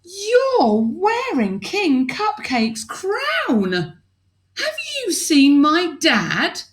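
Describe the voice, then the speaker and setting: A woman voicing a bold, bossy young princess girl in a high, commanding storybook voice. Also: very animated, slow pace.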